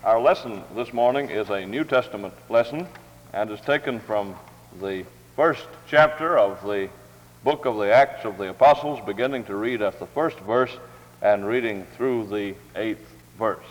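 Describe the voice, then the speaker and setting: Formal man reading in a reverberant hall. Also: fairly low pitch. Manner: measured, formal, dignified delivery. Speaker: worship leader reading scripture and introducing a speaker. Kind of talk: formal scripture reading and introduction. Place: large hall or chapel.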